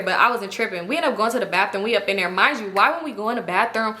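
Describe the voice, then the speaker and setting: A young woman telling a storytime vlog in casual, slangy style, animated and expressive. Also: medium pitch, rapid-fire. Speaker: storytime vlogger. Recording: echoey room.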